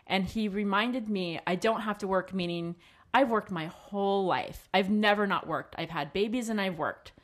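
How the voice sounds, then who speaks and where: A woman's voice: medium pitch, moderate pace. A middle-aged woman hosting a casual chat, candidly telling a personal story and quoting her husband. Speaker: podcast co-host.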